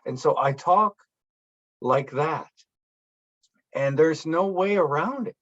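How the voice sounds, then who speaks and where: A man's voice: on the high side, animated, slow, fairly bright tone. Rambling man telling stories, dull sound. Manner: rambling, many fillers, acts out quoted voices. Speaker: guest speaker. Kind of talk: casual talk at a speaker panel.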